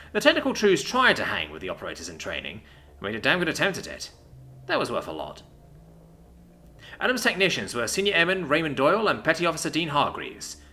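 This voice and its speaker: A man narrating a story aloud, voicing every character himself and shifting pitch for their lines. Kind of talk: scripted narration. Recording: soft music behind.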